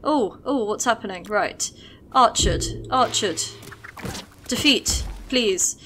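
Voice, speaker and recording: A woman with a fairly high voice gives casual gameplay commentary. She is chatty and easily excited, talking fondly to her units as she plays. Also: slow, a little hiss or hum.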